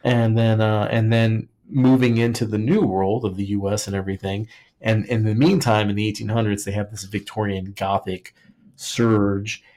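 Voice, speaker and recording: Fairly low in pitch and a little mellow, he speaks flatly at a moderate pace. He's a podcast co-host rambling jokily about a history topic, his chat loaded with "like" and restarts.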